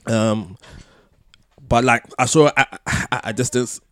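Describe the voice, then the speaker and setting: A man telling a long personal story on a podcast, full of restarts and soft laughs. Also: mid-range voice, fairly even intonation, a little slow, dry recording. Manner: rambling, many restarts, laughs between phrases. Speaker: podcast co-host. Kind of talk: casual storytelling chat.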